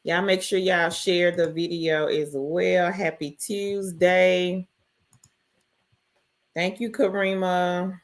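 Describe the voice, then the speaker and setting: A woman's voice: fairly low pitch, level tone, slow pace. A woman hosting a casual live stream, greeting viewers by name and reading their chat messages aloud. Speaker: livestream host.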